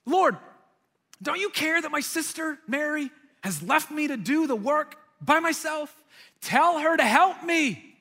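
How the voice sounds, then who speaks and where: A man's voice: very high voice, lively intonation, measured pace, pushed and bright, pitched above the performer's own voice, heavily acted. A man voicing a frazzled woman who complains that she is cooking a big meal alone. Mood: exasperated. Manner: exasperated, complaining.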